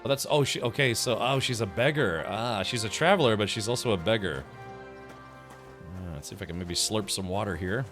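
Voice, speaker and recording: A man with a lower voice gives casual, rambling gameplay commentary, thinking aloud as he plays and answering his chat. Faint music runs underneath. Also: fairly quick, fairly bright tone. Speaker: streamer.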